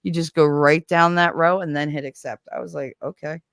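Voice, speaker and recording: A woman's voice: sits low, brisk, smooth, dry recording, studio quality. A woman chatting casually on a stream, telling stories with lots of swearing and laughter, acting out the voices of the people she quotes. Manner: animated, swears freely, acts out quoted voices; laughs often. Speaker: stream co-host. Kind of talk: casual storytelling chat.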